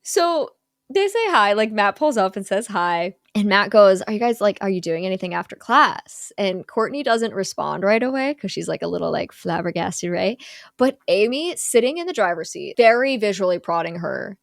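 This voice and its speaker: Animated young woman recapping a film. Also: mid-range voice, moderate pace, creaky, no room sound, clean studio sound. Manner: animated storyteller, acts out film characters in quotes. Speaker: podcast host recapping a film. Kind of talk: casual chat.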